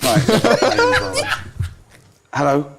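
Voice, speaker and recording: A man's voice: mid-range voice, a little fast, very noisy. A man bantering playfully and teasing his guest in a TV interview. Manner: teasing, lively, laughs easily. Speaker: show's co-creator.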